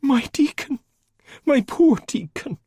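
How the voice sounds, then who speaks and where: A man voicing a middle-aged woman neighbour who sobs and wails in high-pitched grief, reading an audiobook. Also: very animated, slow, slightly rough, no echo, clean studio sound, heavily acted. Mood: wailing grief. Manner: sobbing, wailing, high-pitched.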